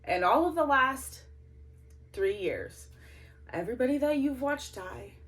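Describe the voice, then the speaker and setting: A woman's voice: high voice, lively intonation, a little slow, fairly bright tone. Indignant woman ranting to camera. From Canada. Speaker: political vlogger. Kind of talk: emotional monologue to camera. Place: small closet at home. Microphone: no microphone, camera's built-in mic.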